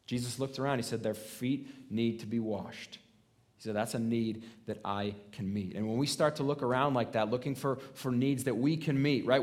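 A man preaching a sermon in a conversational way. He often asks "right?" and restarts his words, rising to stress a point. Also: medium pitch. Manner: conversational preaching, frequent "right?" tag questions; restarts and stammered repeats, emphatic rises. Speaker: pastor.

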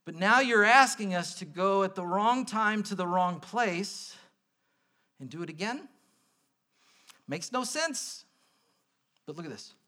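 A male pastor delivers a casual, lively sermon with a high, clear voice. His tone is bright and forward, and he jumps between earnest points and quick, playful asides. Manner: conversational, animated preaching with asides and quick bursts.

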